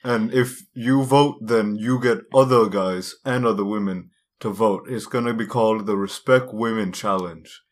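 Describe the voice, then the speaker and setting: A young man co-hosting a comedy podcast from a dorm room, dropping deadpan, absurd interjections. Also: lowish voice, moderate pace, hardly any pauses. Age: young adult. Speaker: podcast co-host. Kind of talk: casual comedic podcast banter.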